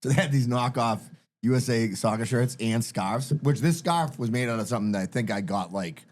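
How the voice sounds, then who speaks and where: A man co-hosting a podcast, telling profane stories in casual chat. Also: medium pitch. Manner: profane, storytelling, quick. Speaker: podcast co-host.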